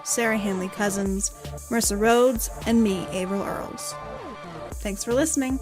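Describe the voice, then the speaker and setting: A woman's voice: medium pitch, normal speed, over music. A young adult woman co-hosting a history podcast in casual, laughing banter and reading the credits. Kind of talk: casual chat with outtakes.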